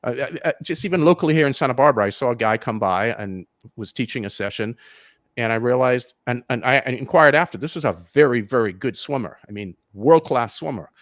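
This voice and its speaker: A man's voice: mid-range voice, fairly quick, a bit bright, dry recording, studio quality. A man who coaches triathlon swimming, giving frank advice in a casual live interview over a video call, with many restarts.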